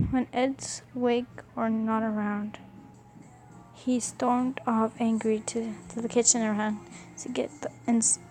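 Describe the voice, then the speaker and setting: A woman's voice: fairly high pitch, warm tone. A young woman casually reading a fan fiction story aloud, often stumbling and rereading words.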